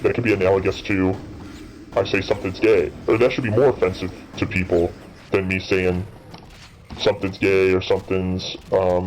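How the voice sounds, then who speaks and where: A man's voice: sits low, a little mellow, a little hiss or hum, low-quality recording. A man in his thirties rambling through casual, profane commentary while playing a game, full of fillers and restarts. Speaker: gaming channel host.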